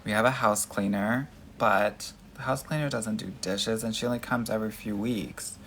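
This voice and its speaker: A man's voice: on the low side, steady tone, moderate pace, a bit bright, a little hiss or hum. Sassy man giving dating advice live. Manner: sassy and emphatic, calls viewers girl and honey. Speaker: dating coach hosting a live Q&A. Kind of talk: casual livestream chat answering viewer comments.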